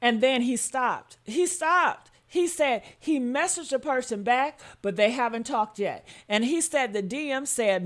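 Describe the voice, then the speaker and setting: A woman's voice: a little high, lively intonation, a little slow, hardly any pauses. A woman giving opinionated commentary straight to her viewers, sassy and emphatic. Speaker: commentary vlogger.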